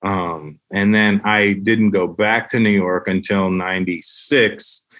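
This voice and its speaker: A man's voice: on the low side, slow. Middle-aged man telling comedy anecdotes. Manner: animated, acts out other people's voices with laughs. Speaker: guest comedian. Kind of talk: casual storytelling anecdotes.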